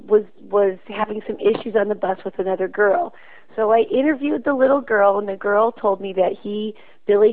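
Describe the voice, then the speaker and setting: A school principal, a woman, calling in to tell a story in an earnest, conversational way. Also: mid-range voice. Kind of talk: phoned-in storytelling. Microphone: phone. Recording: tinny phone line.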